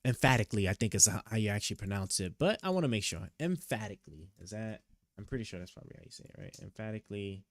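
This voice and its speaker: A man streaming live, reading a court opinion aloud and stopping often to puzzle over it, with halting, restarting speech. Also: lowish voice, very animated, no echo. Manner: reads legal text aloud, stops to check words. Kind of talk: casual live stream commentary. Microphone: headset or desk mic.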